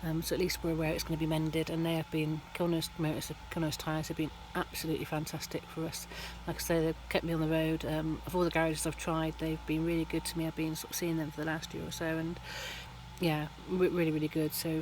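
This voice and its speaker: A woman's voice: sits low, completely flat delivery, fast talker, background noise. A middle-aged woman, giving a rambling, chatty vlog update from her van at a garage, full of ums and restarts. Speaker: van life vlogger.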